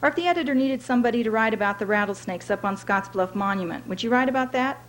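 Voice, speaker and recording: A woman's voice: a little high, quick pace, natural voice, low-quality recording. A woman reading aloud voices a folksy male bus driver who teases in a drawl and calls people darlin'. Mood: needling.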